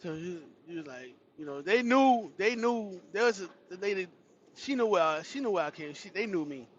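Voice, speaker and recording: Laughing and swearing, a livestream host recounts a funny story from his childhood to his chat in a casual, animated way. He has a high voice and speaks at normal speed. The audio is dull.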